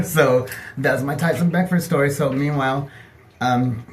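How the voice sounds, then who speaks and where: Casting: middle-aged man, mid-pitched, gossipy storyteller voicing everyone's lines, casual bathtub monologue. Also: a little slow, a little hiss or hum. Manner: chatty, gossipy, animated, acting out other people's lines. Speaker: vlogger telling personal stories. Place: home bathtub.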